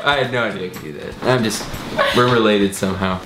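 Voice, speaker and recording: A man's voice: on the low side, fast, very noisy. A man hamming it up in a playful accent battle, laughing and swinging between put-on voices. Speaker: vlogger. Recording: echoey room with music behind.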